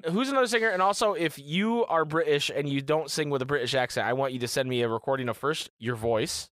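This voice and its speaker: A man's voice: on the high side, fast, no room sound, studio quality. A man hosting a podcast in casual chat, joking and swearing as he talks. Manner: animated, swearing, mimics singers. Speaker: podcast host.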